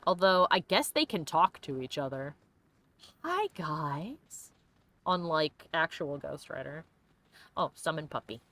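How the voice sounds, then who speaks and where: A woman with a low-sitting, fairly bright voice hosts a let's play at a normal speed. Her gameplay commentary is casual and playful, full of giggles as she often reads chat aloud.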